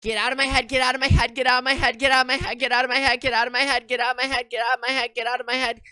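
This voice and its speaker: Frantic young girl, as a streamer voices her, high-pitched, loud, obsessive chanting, dry close sound. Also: flat delivery, very fast, clear, resonant tone, no room sound. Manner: frantic, repeating herself, nearly shouting.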